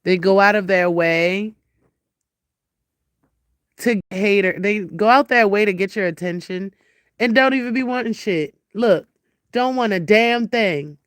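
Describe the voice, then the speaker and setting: A woman's voice: mid-range voice, unhurried, long pauses, no echo, studio quality. A young woman, ranting casually on a phone livestream and scolding her cat. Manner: blunt, profane, talks to her cat and viewers.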